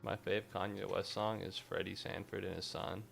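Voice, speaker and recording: A man streaming himself playing an action game, commenting casually, excitable, swearing and joking at the game. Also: low voice, moderate pace, gravelly, faint music behind.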